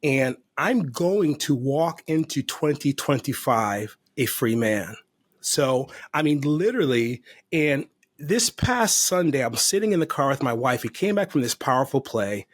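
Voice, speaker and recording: This podcast guest shares a heartfelt testimony of his recovery, speaking earnestly and emotionally about his faith in a conversational setting. He has a mid-range voice with big swings in pitch, an unhurried pace, and a recording free of room sound.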